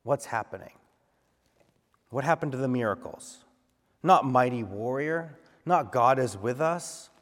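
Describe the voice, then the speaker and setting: A male pastor preaching a sermon in a conversational, animated way, often acting out the voices he quotes. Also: mid-range voice, measured pace, long pauses. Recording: long hall reverb.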